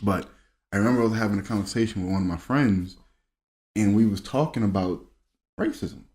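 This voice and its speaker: Low, mellow-voiced man telling stories. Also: fairly quick. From Maryland, USA. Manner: storytelling, acts out quoted dialogue. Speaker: podcast co-host. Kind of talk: casual chat. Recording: echoey room.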